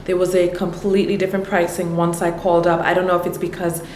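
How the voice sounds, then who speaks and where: A woman telling a story in a casual vlog, animated and full of acted-out quotes. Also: lowish voice, quick pace, a little hiss or hum, rough recording. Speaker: vlogger.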